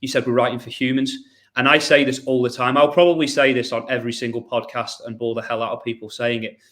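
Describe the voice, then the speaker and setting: A man's voice: mid-range voice, level tone, fast, a bit bright. A man hosting a podcast in a casual, chatty way, often restarting and repeating words. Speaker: podcast host.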